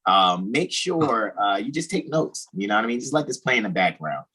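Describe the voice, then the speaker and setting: A man's voice: lowish voice, big pitch swings, normal speed, sharp tone, slightly rough, rough recording. A man hosting a casual podcast, talking in an emphatic, preachy way and often repeating "all righty". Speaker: host.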